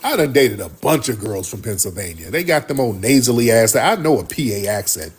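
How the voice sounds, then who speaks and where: Husky, animated man ranting on a stream. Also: lowish voice, a little fast. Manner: emphatic, preachy, repeats lines for effect. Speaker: live stream host. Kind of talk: heated livestream commentary.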